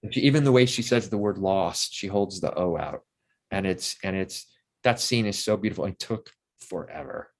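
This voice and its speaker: A man in his sixties with a lowish voice talks through behind-the-scenes stories as an interview guest. He wanders from thought to thought, restarting sentences as memories come back to him. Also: normal speed. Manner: rambling, animated anecdotes full of restarts and acted-out quotes. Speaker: interview guest, actor and playwright. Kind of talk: anecdotal interview storytelling.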